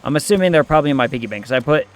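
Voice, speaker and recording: A man co-hosting a gaming stream, talking in a relaxed and reflective way. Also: on the high side, rapid-fire, a little hiss or hum. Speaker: streamer co-host. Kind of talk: casual chat while gaming.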